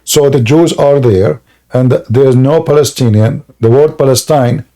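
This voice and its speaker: A man's voice: medium pitch, unhurried, warm tone. A man hosting a debate, lecturing insistently and repeating words to press his points. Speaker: host debating callers. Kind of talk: heated live debate.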